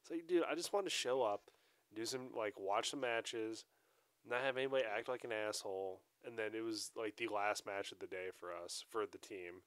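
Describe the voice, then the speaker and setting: A man's voice: fairly low pitch, moderate pace, smooth, no room sound. A man co-hosting a podcast in casual chat, swearing freely and acting out what others said in a raised voice. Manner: animated, swears a lot, acts out quotes in a raised voice. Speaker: podcast co-host.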